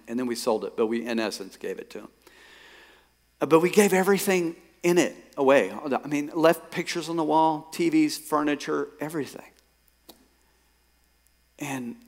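A male pastor preaching a sermon. He tells a personal story and swings from quiet reflection to emphatic, rising bursts. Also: on the high side. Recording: long hall reverb.

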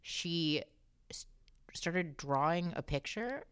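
A woman's voice: fairly low pitch, slow, a little hiss or hum. A woman guest on a casual podcast, telling a candid story with lots of laughter and acted-out dialogue. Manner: animated storyteller who acts out quoted dialogue and laughs often; swears freely in a candid, conversational tone.

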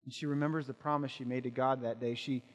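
A man's voice: medium pitch, steady tone, fast, long reverb tail. A male pastor preaching an impassioned sermon, asking rhetorical questions and repeating words as he builds.

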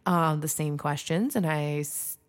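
A young woman from Michigan hosting a podcast, telling a story in a chatty, animated way full of "like". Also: low-pitched, a little slow. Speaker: podcast host. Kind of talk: casual storytelling.

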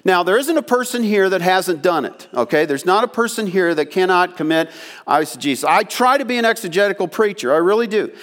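A man's voice: high voice, expressive, a little fast, fairly bright tone. An older man preaching a sermon, telling folksy stories with asides to the congregation and acting out the voices of people in his story. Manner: acts out quoted voices in the story. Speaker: pastor.

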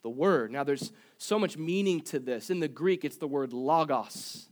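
A man's voice: fairly high pitch, animated, normal speed. A man preaching a sermon as pastor, conversational, with humorous asides and rhetorical questions. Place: church service.

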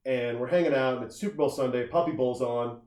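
A man's voice: mid-range voice, quick pace, darkish tone. A man hosting a podcast, telling stories in a rambling, casual way with lots of restarts and fillers. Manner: rambling storyteller, many restarts and filler words. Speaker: podcast host. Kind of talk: casual chat. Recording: echoey room.

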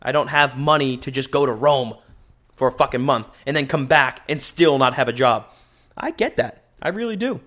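A man hosting a solo podcast, rambling in an animated, profane way into a microphone. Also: medium pitch, normal speed. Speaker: podcast host.

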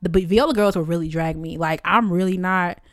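A young woman co-hosting a casual chat, dramatic and slangy, often out of breath, with loud laughs and gasps. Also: fairly low pitch, fairly quick, no echo, studio quality. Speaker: podcast co-host.

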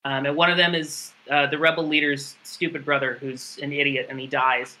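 Man, casual podcast recapper, bright forward tone, rambling and wry. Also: a little high, little pitch movement, moderate pace, low-quality recording. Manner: rambling, sarcastic, profane recap with many fillers. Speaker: podcast co-host recapping a game story. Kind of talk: casual chat.

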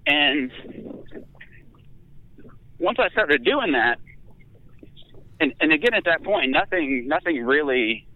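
A man tells a personal story with candid, self-mocking humor, his voice sitting a little high for a man. The sound is thin and tinny, like a phone line, and quite dry. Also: lively intonation, slow pace, long pauses. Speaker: guest. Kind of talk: storytelling in casual conversation.

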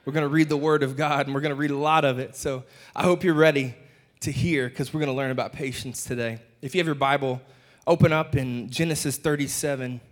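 A man's voice: mid-range voice, a little fast. A man preaching a sermon, telling stories from his own week with jokes in between, on a church stage. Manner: animated, jokey storyteller. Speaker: pastor. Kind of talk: sermon with personal storytelling. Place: church stage with a screen behind.

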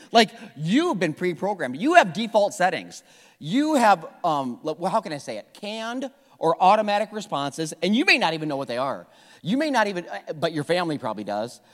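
High lively male pastor preaching. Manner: energetic, conversational preaching with repetitions. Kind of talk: sermon. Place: church sanctuary. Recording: hall reverb.

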